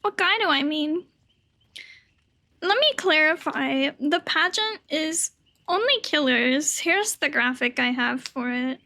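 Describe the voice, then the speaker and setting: A woman streams live, her high voice sitting well above the usual range. Her tone is bright and sharp, and her chat is loose, with casual swearing. A sore throat and a cough drop in her mouth colour how she talks. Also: expressive, slow pace.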